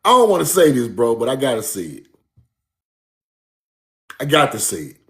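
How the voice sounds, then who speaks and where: A man's voice: mid-range voice, wildly swooping pitch, moderate pace, a bit bright. A man giving a casual, emphatic street-style lecture, repeating his points and calling the listener bro. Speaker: speaker giving a talk.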